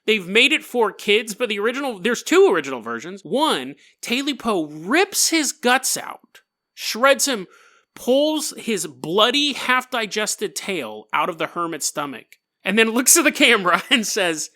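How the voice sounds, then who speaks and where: Jokey podcast storyteller, bright man. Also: sits high. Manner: joking, rambling asides. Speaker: podcast host. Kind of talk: casual storytelling.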